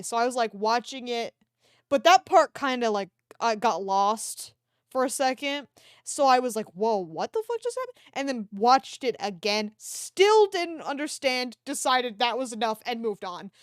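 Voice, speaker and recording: An art streamer chats casually on her livestream, rambling and swearing freely as she retells a film. Her voice sits high, captured on a desk microphone in studio quality with no echo.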